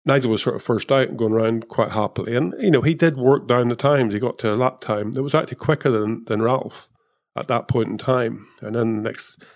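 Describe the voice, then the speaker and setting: A man's voice: medium pitch, fairly quick. A man, a former motor racing engineer, talking casually in an interview, rambling with many fillers and restarts. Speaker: former F1 technical director and race engineer.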